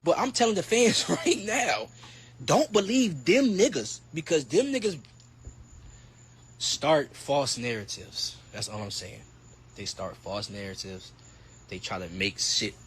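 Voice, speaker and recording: A young man in his twenties ranting profanely in a clip, swinging between loud mocking and low mutters. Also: very animated, unhurried, breathy edge. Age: 20s. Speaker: boxer.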